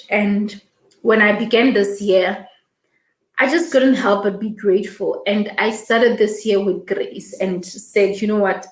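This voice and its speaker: A woman's voice: medium pitch, steady tone, measured pace, roomy sound, rough recording. A woman hosting a morning livestream, emotional and reading viewer comments aloud. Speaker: host. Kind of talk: casual livestream talk.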